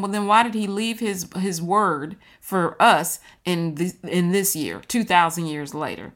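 A woman's voice: lowish voice, moderate pace, hardly any pauses, fairly bright tone. A woman leading a casual Bible study, talking earnestly and directly to her viewers as she teaches.

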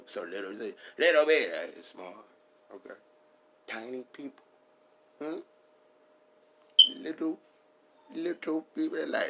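A man's voice: medium pitch, sharp tone, slightly rough. A man riffing in a casual comedic style, rambling and profane, laughing at his own jokes.

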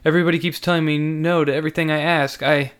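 A man's voice: fairly high pitch, flat delivery, fast talker, fairly bright tone, smooth, pitched above the performer's own voice, lightly acted. A man voicing a persistent young man who keeps pleading and pressing. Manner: pleading, insistent. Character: young man, persistent, odd sudden charm.

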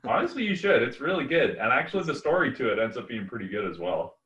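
A man's voice: mid-range voice, big pitch swings, fast, fairly bright tone, lo-fi sound. A man co-hosting a podcast in laid-back casual chat, filling his sentences with "like". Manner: laid-back, peppers speech with "like". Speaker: podcast co-host. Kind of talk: casual chat about movies.

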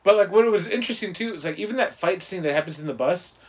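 Excitable swearing man, fairly high voice. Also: quick pace. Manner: excited, swears a lot, acts out scenes. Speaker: podcast co-host. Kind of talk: casual movie chat.

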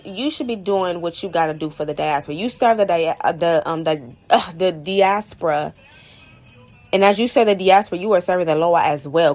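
A woman podcast host, ranting bluntly and profanely in a heated monologue. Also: medium pitch.

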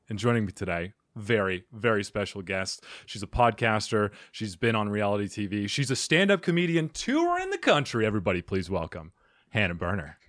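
A man's voice: lowish voice, dry recording, studio quality. A man hosting a comedy advice podcast over a video call, chatting playfully, punning and laughing often. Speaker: podcast host. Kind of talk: casual interview chat.

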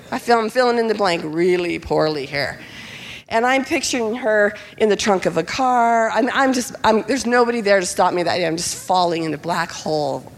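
A woman's voice: fairly high pitch, a little hiss or hum. Woman pastor telling a story in a hall. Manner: animated, acts out quoted voices. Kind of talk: sermon storytelling. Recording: long hall reverb.

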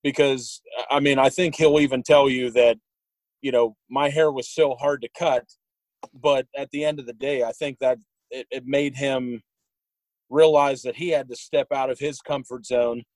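A man's voice: mid-range voice, fairly even intonation, normal speed, no echo, low-quality recording. A young man casually telling rambling stories about an old friend, chuckling along the way. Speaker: guest sharing memories. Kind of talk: casual storytelling.

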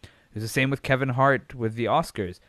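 A man's voice: medium pitch, steady tone, moderate pace, fairly bright tone, no echo, studio quality. A young adult man hosting a podcast on his own, talking casually and frankly, rambling with lots of fillers and swearing freely. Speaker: podcast host. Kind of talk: casual solo commentary.

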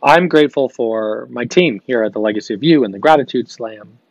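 A young adult man hosting a live gratitude show, talking in an energetic, upbeat coaching manner, reading viewer comments and repeating phrases for emphasis. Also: medium pitch, a little fast, gravelly, dry recording. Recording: dry, slightly dull stream audio.

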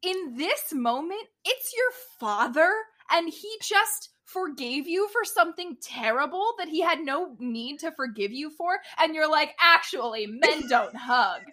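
A woman with a high, bright voice chats casually as a podcast co-host. She retells a show with exasperated energy, quoting characters and laughing at them. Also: animated, unhurried, few pauses. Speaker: podcast co-host recapping a TV episode. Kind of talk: casual chat.

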